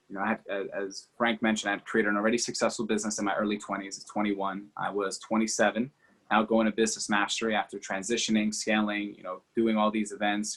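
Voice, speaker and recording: A man who is a guest on a podcast, telling a personal story as an energetic, fast-talking storyteller with many fillers like "you know" and "like". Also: fairly low pitch. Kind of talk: animated storytelling in an interview.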